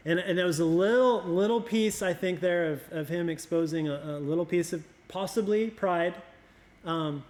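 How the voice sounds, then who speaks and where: A middle-aged man with a slightly high voice talks through memories of his father in easygoing conversation. He is reflective and halting, often doubling words as he searches for them, and grows a little emotional. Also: darkish tone. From Oregon. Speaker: youth pastor. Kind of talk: casual conversation, storytelling.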